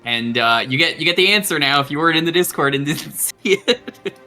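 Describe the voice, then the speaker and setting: A man from Long Island hosting a game stream who talks casually and breaks into profane, excitable rants. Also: on the high side, brisk, faint music behind. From Long Island, New York. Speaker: streamer host.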